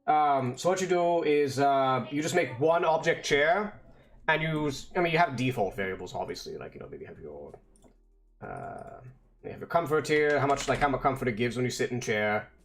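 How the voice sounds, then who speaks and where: A man's voice: mid-range voice, expressive, moderate pace. A man on a casual stream, muttering and swearing at his code as he debugs, then explaining it step by step. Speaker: vtuber streamer. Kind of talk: casual coding stream talk.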